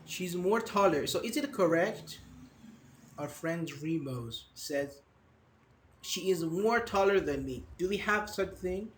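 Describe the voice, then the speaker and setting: A young man teaching English grammar in a live online class, patient and questioning, repeating words slowly. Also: high voice, expressive, slight background noise.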